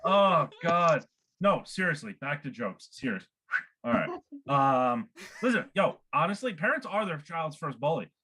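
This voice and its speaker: A man doing a stand-up set at an online open mic, animated and laughing at his own jokes. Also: on the high side, moderate pace, breathy edge. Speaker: stand-up comedian.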